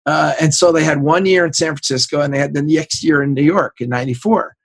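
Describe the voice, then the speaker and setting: Gravelly sixty-something man telling stories. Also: fairly high pitch, quick pace, no room sound. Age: 60s. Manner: animated anecdotes, acts out quoted voices, laughs often. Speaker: sports executive guest. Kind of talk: casual storytelling interview.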